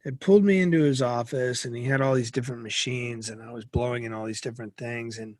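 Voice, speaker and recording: A man's voice: mid-range voice, quick pace, no echo, clean studio sound. A middle-aged man from Massachusetts telling a vivid personal story as an interview guest. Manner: vivid, anecdotal, expressive.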